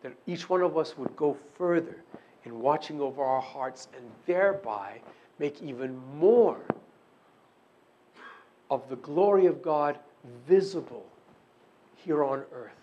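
A man preaching a sermon and praying, earnest, moving between hushed prayer and emphatic, repeated declarations. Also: fairly high pitch, lively intonation, measured pace, dull audio, slight background noise. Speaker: pastor.

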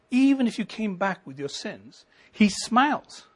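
Husky-voiced man preaching with swelling emphasis. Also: sits high, big pitch swings, measured pace. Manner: preaching with rising emphasis and sudden soft drops. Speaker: pastor. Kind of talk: sermon.

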